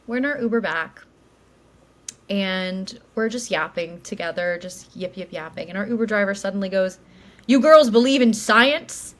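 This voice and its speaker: A chatty woman in her late twenties who calls herself a yapper, co-hosting a podcast. She tells a story in a loose, rambling way, full of likes and ums, at an ordinary mid pitch. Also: moderate pace. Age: late 20s. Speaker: podcast co-host. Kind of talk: casual chat, storytelling.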